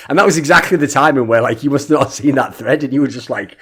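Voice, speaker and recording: Young man, husky voice, brash profane co-host, casual podcast chat over a call mic. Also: medium pitch, quick pace, hardly any pauses. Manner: brash and profane, animated storytelling.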